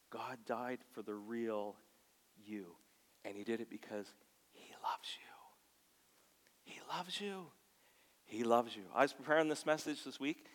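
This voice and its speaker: A man preaching a sermon in a church. He moves from soft, near-whispered lines to loud, passionate bursts and acts out quoted voices. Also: fairly low pitch. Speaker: pastor. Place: church sanctuary. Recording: long hall reverb.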